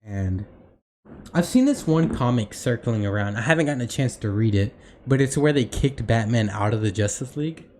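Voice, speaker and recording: A man's voice: medium pitch, expressive, normal speed, warm tone, a little hiss or hum. A young man co-hosting a podcast in casual chat, rambling with many fillers and restarts. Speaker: podcast co-host.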